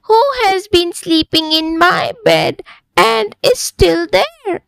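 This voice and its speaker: A woman's voice: huge pitch swings, slow, creaky, a bit bright, no room sound, exaggerated voice. A woman voicing a small young bear cub who gasps in shock, in a storybook reading. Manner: gasping, squeaky.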